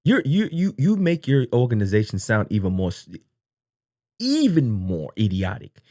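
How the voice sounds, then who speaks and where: A man's voice: medium pitch, huge pitch swings, moderate pace, darkish tone, no echo, studio quality. A man hosting a livestream, reacting to a clip with incredulous, mocking commentary and many repeated words. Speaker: livestream host reacting to a video.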